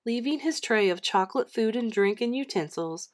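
A woman reading a children's chapter book aloud with an expressive storytelling manner. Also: medium pitch, normal speed.

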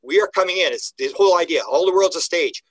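Older man, podcast guest, quick talker, somewhat high voice, restarts mid-sentence. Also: no room sound, rough recording. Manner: animated storyteller, acts out quoted dialogue, frequent restarts. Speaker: guest UFO researcher. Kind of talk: conversational podcast interview.

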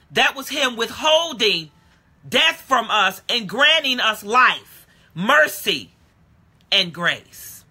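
A woman preacher giving an impassioned sermon, moving between shouting and quiet, plain talk. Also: fairly high pitch, big pitch swings, slow, slightly rough. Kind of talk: live-streamed sermon.

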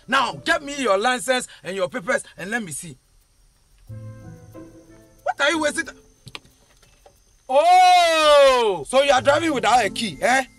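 An actor playing a bossy male traffic police officer with a Ghanaian English accent, blustering and quick to accuse. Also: extremely high pitch, expressive, fairly bright tone, faint music behind, full character voice. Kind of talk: comedy film acting.

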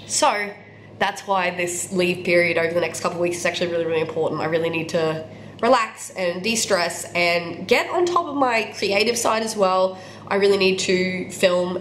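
A woman with an Australian accent, chatting candidly in a casual book vlog while sick with a cold, repeating words for emphasis. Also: fairly low pitch. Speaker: book vlogger. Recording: echoey room with faint background noise.

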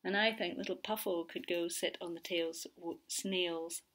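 A woman teacher reading a picture book aloud to young children, slow and gentle, often dropping to a whisper. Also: lowish voice, fairly even intonation. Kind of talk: read-aloud storytelling for children.

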